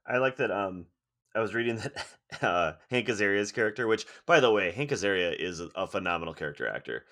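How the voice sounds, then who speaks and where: A man with a very low yet bright, forceful voice chatting about films. He rambles loosely and laughs as he talks. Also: animated, brisk. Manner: rambling, laughs mid-sentence. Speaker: podcast co-host. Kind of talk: casual movie discussion.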